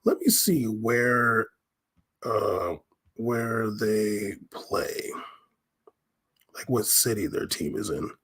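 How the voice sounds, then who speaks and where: A man's voice: on the low side, expressive, drawn-out words, pauses often, fairly bright tone. A man hosting a podcast, talking casually and rambling with slang, frequent fillers and laughter. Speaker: podcast host. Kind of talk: casual solo commentary.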